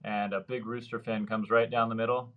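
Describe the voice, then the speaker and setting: A man's voice: lowish voice, flat delivery, fairly quick, narrow, tinny audio. A man in his thirties, a surf fishing guide, telling long rambling stories in a casual interview and acting out the voices of the people he quotes. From Mexico, Baja California Sur. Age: 30s.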